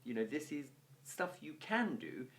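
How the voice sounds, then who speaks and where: A man's voice: a little high, sing-song, measured pace. A man teaching a Latin lesson, reading phrases aloud and translating them bit by bit with chatty, lightly humorous asides. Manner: chatty asides with gentle humour. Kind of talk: recorded language lesson, translating line by line.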